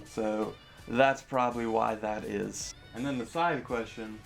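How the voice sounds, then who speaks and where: A man's voice: on the low side, fairly even intonation, a little slow, vocal fry, faint music behind. A young man casually answering viewer questions in a vlog, rambling with lots of fillers and self-deprecating asides.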